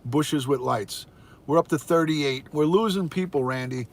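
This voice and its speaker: A man's voice: on the high side, normal speed. Upbeat older man greeting live viewers. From United States. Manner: upbeat, greets viewers by name and counts viewers aloud. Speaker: livestream host, retired detective. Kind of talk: casual live-stream chat. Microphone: phone.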